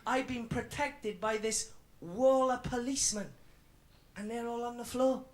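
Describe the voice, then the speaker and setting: A man with a very high-pitched voice speaks unhurriedly. He's an actor in a radio drama playing an edgy Welsh-accented comic in his twenties, defiantly working through a swaggering routine.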